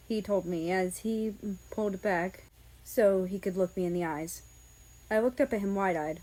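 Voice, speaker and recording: A woman reading a first-person fan fiction story aloud, calm and measured. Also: mid-range voice, rough recording. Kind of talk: first-person audiobook narration.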